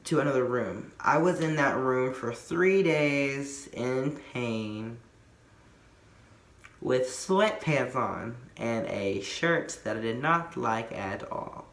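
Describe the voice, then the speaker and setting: A man's voice: medium pitch, fairly bright tone. Guy doing a casual storytime vlog, rambly, lots of um and like, kinda echoey. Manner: rambling, lots of fillers and restarts. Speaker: vlogger.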